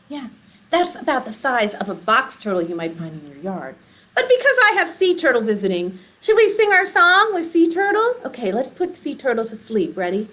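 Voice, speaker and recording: A woman leading a children's storytime in a library, talking to young kids with big gasps, squeals and playful questions. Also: sits high. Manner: animated, exaggerated gasps and squeals.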